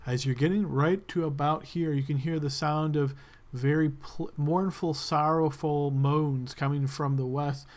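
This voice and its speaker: A man's voice: a little high, steady tone, a little slow, a little mellow. A man narrating a tabletop game as game master, describing loosely with many fillers.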